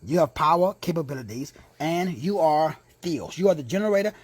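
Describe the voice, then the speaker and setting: A male Bible teacher delivers an emphatic lesson, repeating his key words and tossing in casual street asides. His voice is husky and fairly high, with lots of movement in pitch. It is recorded close and dry, with no room sound. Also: animated, a little fast, no room sound. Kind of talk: teaching sermon.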